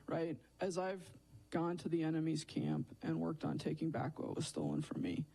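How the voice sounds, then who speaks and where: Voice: mid-range voice, gravelly, dark tone, poor audio. A speaker giving a sermon at a church service in a candid, conversational way, often tagging thoughts with "right?" and "like". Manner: conversational, frequent "right?" and "like" tags; self-deprecating, candid.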